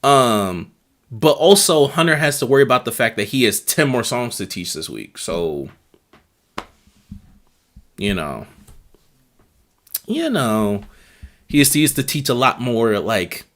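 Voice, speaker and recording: A man's voice: mid-range voice, animated, a little slow, long pauses, a bit bright. A man hosting a live stream and reacting to marching band videos in casual, rambling talk, often repeating himself while he searches for names. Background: band music playing.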